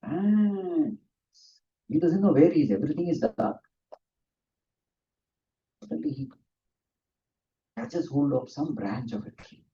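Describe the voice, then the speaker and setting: A man's voice: a little high, animated, slow, long pauses, dark tone. A man, a swami giving a spiritual discourse, earnest and often laughing as he tells stories. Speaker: swami giving a scripture talk. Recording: distant, dull lo-fi room recording.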